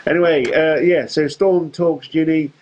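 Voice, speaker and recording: A man's voice: a little high, fairly even intonation, unhurried, darkish tone, low-quality recording. A man hosting a fan show, giving a chatty, rambling recap of a wrestling show with jokey asides.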